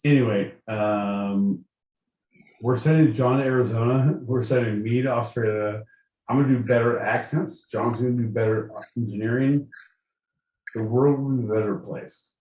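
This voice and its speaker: A man from Southern California co-hosting a comedy podcast, loud, swearing and mock-outraged. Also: mid-range voice, fairly even intonation, moderate pace. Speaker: podcast co-host. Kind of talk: profane comedic podcast banter. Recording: echoey room, far from the mic.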